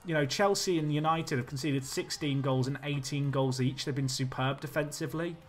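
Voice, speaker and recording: A man's voice: a little high, steady tone, brisk. A young man chatting animatedly as he streams a football management game and talks to his chat. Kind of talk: casual game commentary.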